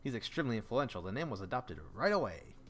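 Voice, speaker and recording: A man's voice: medium pitch, big pitch swings, fast, fairly bright tone. A man voicing a flamboyant, chatty male pigeon student from a dating game, speaking in a raised, theatrical voice that drops in French words.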